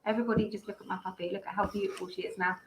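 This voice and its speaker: A woman's voice: medium pitch, steady tone, racing, a crowd in the background. A woman hosting a casual live stream about dog behaviour training, talking in a rambling, chatty way full of restarts and asides. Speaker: dog behaviour school host. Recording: echoey room with faint ambience.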